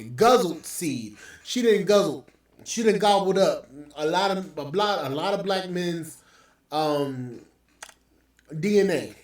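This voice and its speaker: High-voiced man ranting in an echoey room. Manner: profane, ranting, scornful. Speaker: podcast host. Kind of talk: heated podcast commentary. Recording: very echoey room, mic at distance.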